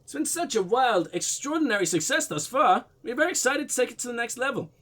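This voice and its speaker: A man's voice: extremely high pitch, expressive, fast, fairly bright tone, pitched above the performer's own voice, heavily acted. Man doing a pompous diplomat, fake Russian-German accent. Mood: smooth, evasive. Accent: mock Russian-German blend. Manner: suave, evasive, pompous. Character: smooth evasive male foreign diplomat, middle-aged.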